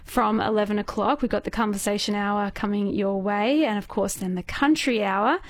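A woman with an Australian accent hosting a morning radio show, chatty and quick to react. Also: medium pitch, dry recording. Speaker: radio host. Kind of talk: casual radio banter. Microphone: studio mic.

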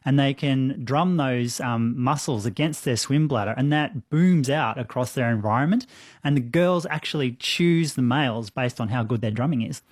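Enthusiastic scientist explaining. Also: male voice, mid-range voice, normal speed, no room sound, studio quality. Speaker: marine biologist guest. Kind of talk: radio interview answers.

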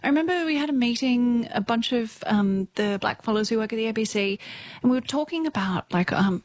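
A woman's voice: on the high side, expressive, fairly quick, no room sound. Chatty Australian woman, dry close sound. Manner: chatty, laughs often, many fillers. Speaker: radio newsreader, guest. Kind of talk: casual interview storytelling.

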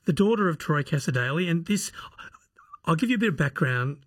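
A man's voice: fairly high pitch, expressive, brisk, breathy edge, no room sound, clean studio sound. Man presenting new music. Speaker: radio producer. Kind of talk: radio music segment chat. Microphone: studio microphone.

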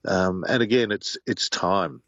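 A man's voice: low-pitched, unhurried, a bit bright, no echo. An older man, co-hosting a radio talk show with reflective, hesitant remarks. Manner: reflective, hesitant, lots of ums. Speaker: radio co-host.

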